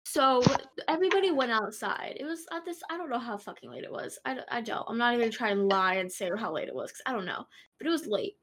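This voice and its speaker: Higher-voiced young woman, rambling. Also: lively intonation, quick pace, a bit bright, slight background noise, low-quality recording. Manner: rambling, repeats and restarts, swears casually. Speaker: podcast co-host. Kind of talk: casual chat.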